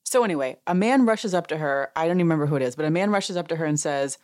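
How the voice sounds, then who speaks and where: A woman's voice: sits low, lively intonation, very fast, darkish tone. A woman hosting a podcast, casually recapping a show as an amused, chatty storyteller who laughs and acts out what others said. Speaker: podcast host.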